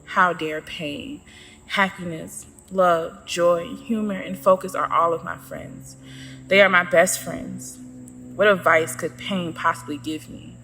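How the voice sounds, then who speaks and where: A woman's voice: lowish voice, fairly even intonation, takes it slowly, bright, forceful tone, in a large hall, faint music behind. A woman narrating her own story in the first person, with a sassy, sarcastic manner.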